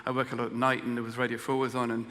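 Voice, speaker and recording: An Englishman giving a personal testimony talk, telling a story with self-deprecating humor and halting restarts. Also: mid-range voice, completely flat delivery, a bit bright, in a large hall. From England. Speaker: guest speaker.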